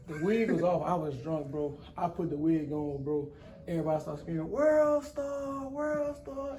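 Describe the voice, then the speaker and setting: Young guy, says bro a lot, dark mellow voice, echoey room. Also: a little high. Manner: animated storyteller, slangy, says "bro" often. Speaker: event promoter, guest. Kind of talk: casual interview chat.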